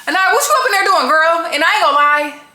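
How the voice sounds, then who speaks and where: A woman's voice: extremely high pitch, expressive, fast talker, bright, forceful tone, roomy sound. A woman giving a casual, blunt and profane recap of a reality dating show, full of slang and gossip.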